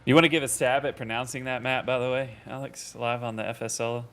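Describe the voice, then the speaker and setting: A man's voice: medium pitch, steady tone, fast, fairly bright tone. A man co-commenting a live esports match, easygoing and teasing, chuckling as he talks.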